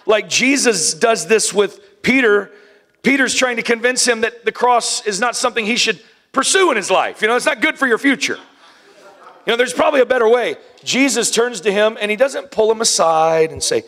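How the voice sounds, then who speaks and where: A man preaching a sermon, animated, acting out scenes with hushed whispers and playful voices. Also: high voice, moderate pace.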